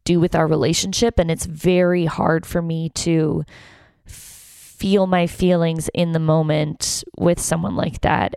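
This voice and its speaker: A young woman hosting a podcast speaks frankly, pouring out a personal story with open emotion and frequent swearing. Her voice sits a little low and is smooth, clean, and a little mellow, with a level tone and measured pace. The sound is close and dry, with no room sound.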